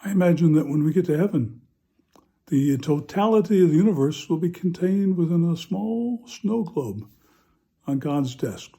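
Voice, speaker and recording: A parish priest gives a homily and tells a funny story in a relaxed, chatty way, often pausing with "uh." His voice is very dark and mellow. It also sits slightly high for a man. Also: slightly rough.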